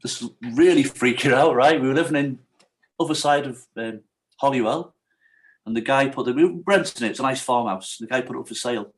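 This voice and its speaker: A man's voice: medium pitch, fairly quick, low-quality recording. A middle-aged man, a guest on a podcast telling his own life story frankly. He tells it with energy, acting out the lines of other people. He keeps checking in with the host. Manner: animated storyteller, acts out quotes, often asks "right?". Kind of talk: candid storytelling.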